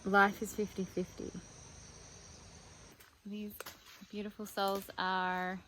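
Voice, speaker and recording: A woman's voice: mid-range voice, poor audio. Vlogger, woman, chatty and candid, music and crickets underneath. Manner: chatty and open, thinking aloud. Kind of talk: candid personal vlog.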